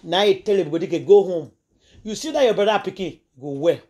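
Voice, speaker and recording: A woman's voice: medium pitch, animated, racing, darkish tone. Emphatic Nigerian woman telling a story. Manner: emphatic, retells scenes by acting out quoted voices. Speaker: vlogger. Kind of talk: gossip storytelling to followers.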